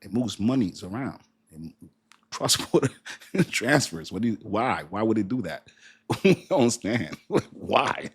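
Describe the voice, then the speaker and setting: A young man hosting a casual crypto livestream, reading viewer comments aloud in a lively, colloquial way and laughing often. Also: lowish voice, measured pace, husky.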